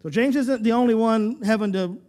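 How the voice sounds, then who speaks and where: A man's voice: very high voice, a little fast, darkish tone. A man pastor preaching a sermon, emphatic and full of rhetorical questions, often repeating words as he restarts a phrase.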